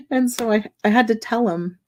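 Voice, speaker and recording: A young woman chatting casually while building a wooden puzzle, rambling and soft-spoken with many fillers and restarts. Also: fairly high pitch. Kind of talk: casual chat while crafting.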